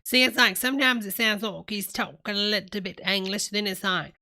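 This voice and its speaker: A woman's voice: medium pitch, normal speed, hardly any pauses, pushed and bright. A woman hosting a live stream, chatting casually to her viewers and reacting to clips. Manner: chatty, Southern-style "y'all" and "honey" asides. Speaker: livestream host.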